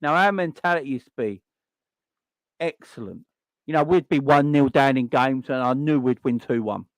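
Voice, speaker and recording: A man's voice: mid-range voice, normal speed, no echo. Exasperated man ranting about football. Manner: exasperated, repeats rhetorical questions. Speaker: football fan channel host. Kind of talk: fan reaction rant.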